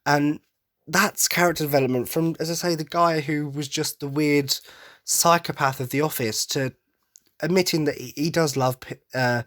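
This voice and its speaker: A man's voice: a little high, steady tone, moderate pace, a bit bright. Rambling, enthusiastic male podcast host. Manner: rambling, self-correcting, enthusiastic. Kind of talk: casual podcast monologue.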